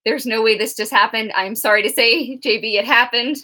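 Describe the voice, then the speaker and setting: A young woman co-hosting a casual TV recap chat, animated and laughing often as she acts out characters. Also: fairly high pitch, fairly quick. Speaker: co-host.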